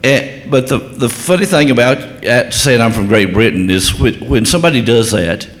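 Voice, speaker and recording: A man's voice: medium pitch, expressive, normal speed, in a large hall. A man from Texas, a guest telling jokey stories in an easygoing way. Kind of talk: casual chat.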